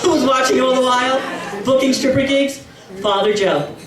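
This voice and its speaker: A middle-aged woman performing a brash stand-up comedy routine, now and then breaking into shrill squealing voices for her relatives. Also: normal speed, far from the mic. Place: comedy club. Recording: echoey club room, mic heard from afar, audience laughter. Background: crowd laughing.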